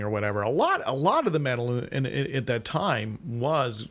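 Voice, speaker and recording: A man's voice: mid-range voice, very animated, normal speed, fairly bright tone. Rambling man in a casual podcast chat. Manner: rambling, many restarts and asides, laughs often. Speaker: podcast co-host. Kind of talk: casual conversation.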